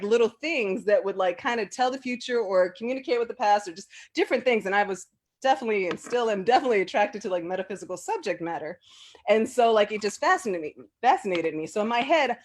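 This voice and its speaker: A woman casually sharing personal memories as an interview guest, chatty and full of fillers, often laughing. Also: medium pitch. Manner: animated when quoting people.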